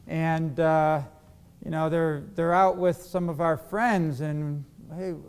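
A man's voice: a little high, steady tone, takes it slowly, a little mellow, clean tone. A man preaching a sermon to a congregation. He asks his listeners questions and acts out quoted arguments. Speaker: pastor.

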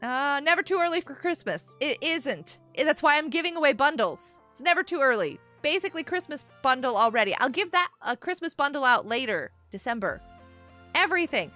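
Bubbly high-voiced woman streamer. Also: animated, a little fast, sharp tone. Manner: bubbly, giggly, reads chat aloud. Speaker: live streamer. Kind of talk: casual live-stream chat. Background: faint music.

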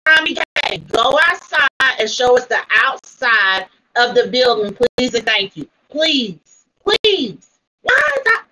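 A woman runs a livestream panel and keeps pressing a guest with blunt, profane demands. Her voice sits high and sounds bright and sharp. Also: very animated, normal speed, hardly any pauses, a little hiss or hum, rough recording. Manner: confrontational, swearing, repeating demands. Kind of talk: heated livestream argument.

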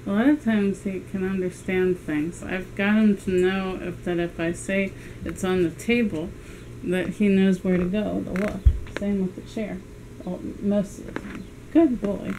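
A woman at home, chatting casually about her cat and calling out commands in a high sing-song. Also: steady tone, a little slow, dark tone, slight background noise, poor audio. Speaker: cat owner filming her pet. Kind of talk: casual narration to camera while playing with a pet. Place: indoors at home. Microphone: handheld camera at floor level.

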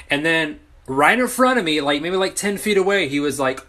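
A man's voice: on the high side, lively intonation, brisk, sharp tone. Flustered man rambling to his phone. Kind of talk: casual confessional phone video.

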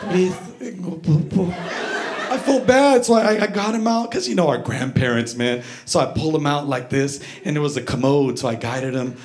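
A male stand-up comedian on a club stage, animated, acting out his stories. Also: a little high, a little fast, few pauses, a little hiss or hum. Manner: animated, acts out voices. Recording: echoey club with audience laughter.

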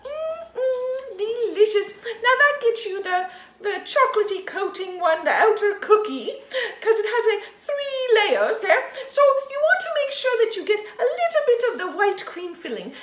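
Very high, bubbly woman host. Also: big pitch swings, a little slow. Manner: bubbly, giggly, exaggerated. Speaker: host of a kids' food segment. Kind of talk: playful show-and-tell for children. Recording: echoey room with faint noise.

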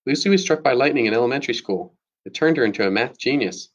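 A man's voice: mid-range voice, animated, fast talker, muffled recording, pitched above the performer's own voice, close to an everyday voice. A man voicing an earnest schoolgirl. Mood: pleading. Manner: earnest, pleading. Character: earnest loyal middle-school girl.

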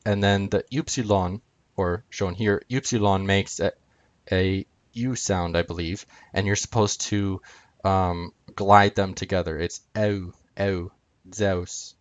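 A man's voice: on the low side, no room sound. A man teaching from a chart on screen, talking unscripted with frequent ums and uhs as he walks through each item. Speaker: video lecturer.

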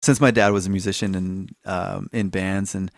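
A man's voice: low-pitched, flat delivery, normal speed, no room sound, clean studio sound. A man in his thirties, a guest on a podcast, telling funny stories about his kids and laughing often. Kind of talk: casual chat.

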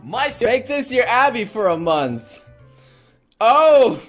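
A man hosting a reaction video, excitable and loud, swearing often and protesting. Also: very high-pitched, slow pace, faint music behind. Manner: excitable, swears a lot, laughs and protests loudly. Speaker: host reacting to fan videos. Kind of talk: reaction commentary.

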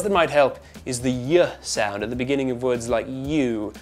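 A British man, an actor and voice coach, giving a clear instructional accent tutorial and demonstrating sounds. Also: mid-range voice, normal speed, faint music behind.

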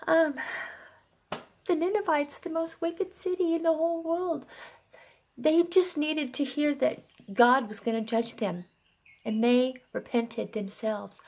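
Emotional high-voiced woman with a gravelly edge. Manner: earnest, emotional, pleading and tearful at times. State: close to tears. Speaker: self-styled prophet. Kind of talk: impassioned spoken prophecy.

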